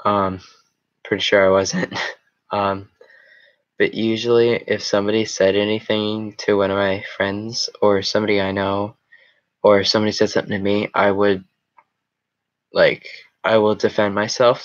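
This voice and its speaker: A man's voice: lowish voice, flat delivery, normal speed, muffled recording. A young man hosting a casual live chat with viewers, rambling with many fillers and restarts. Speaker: show host.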